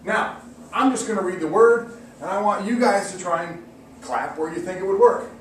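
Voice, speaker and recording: A man giving an encouraging mock classroom lesson, slowly sounding out words for students. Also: high-pitched. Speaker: teacher. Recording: echoey room, distant mic, faint hiss.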